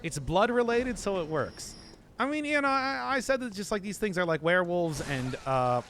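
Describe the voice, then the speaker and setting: A man's voice: high voice, a bit bright, a little hiss or hum. A man streaming a video game, chatting casually in a rambling, joking way and laughing often. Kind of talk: casual live-stream commentary.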